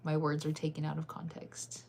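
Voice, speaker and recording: A woman streamer chatting casually with her viewers, giggly and quick to get excited. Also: low voice, creaky, a little hiss or hum. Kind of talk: casual livestream chat with viewers.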